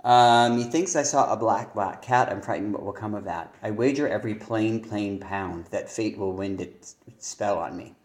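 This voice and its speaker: A man reading submitted lyrics aloud and commenting on how their stresses fit, pausing often to think. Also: fairly low pitch, a little mellow, reverberant. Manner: reads lines aloud then comments on stress, thinking aloud with fillers. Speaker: songwriting teacher.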